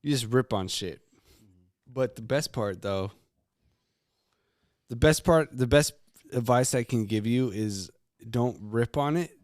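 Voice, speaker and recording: A man co-hosting a podcast, doing crude comedic rants that get loud and jumpy. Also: mid-range voice, takes it slowly, long pauses, dry recording, studio quality. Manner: excitable, profane, voice jumping up when ranting. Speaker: podcast co-host. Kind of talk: crude comedic improv rant.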